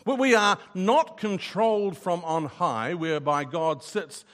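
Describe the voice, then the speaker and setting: A man's voice: sits high, measured pace, a bit bright. A man preaching a sermon, earnest and emphatic, often repeating a word as he starts a sentence. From New Zealand.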